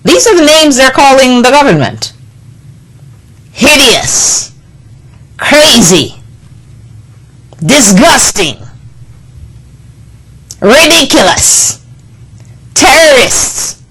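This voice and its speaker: A woman's voice: high voice, sing-song, extremely slow, pauses often, a bit bright, rough recording. A woman delivering an impassioned political monologue, indignant and scolding, with emphatic repetition. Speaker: political commentator.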